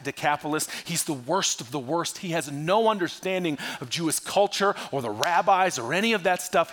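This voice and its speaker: A male pastor preaching a sermon with animated delivery, swinging between loud bursts and hushed, quiet lines. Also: on the high side.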